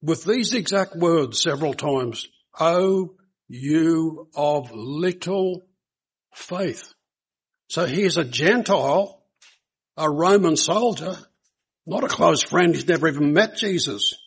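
A man's voice: on the high side, animated, measured pace, breathy edge, low-quality recording. A man preaching a sermon to a congregation, speaking earnestly and putting rhetorical questions to his listeners.

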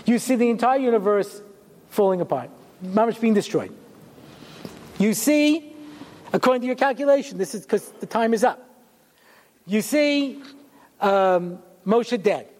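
A man teaches a Torah class as a rabbi, in a casual, joking style full of rhetorical questions. His voice sits very high for a man. The sound carries a long reverb, as if in a large hall. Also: lively intonation, measured pace, long pauses, a little mellow. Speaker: rabbi lecturer. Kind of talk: Torah lecture.

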